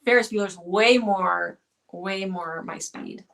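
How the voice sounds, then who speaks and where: A woman co-hosting a casual live-stream chat, chatty and quick to laugh. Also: medium pitch, vocal fry, a bit bright.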